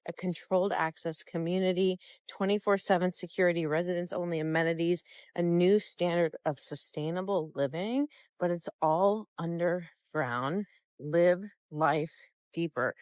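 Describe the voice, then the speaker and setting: A woman with a smooth, lowish voice vlogs about something that unsettles her. She sounds creeped out throughout, and the sound is dry and close. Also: dry recording. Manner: creeped-out, reading a sign aloud with dread. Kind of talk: casual vlog commentary.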